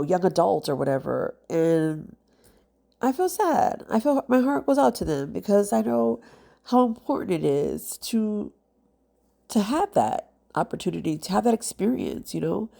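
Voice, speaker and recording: Low gravelly heartfelt woman. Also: mellow. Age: adult with children. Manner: rambling, heartfelt, many fillers. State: congested. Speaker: nail artist vlogger. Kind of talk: casual talk to camera.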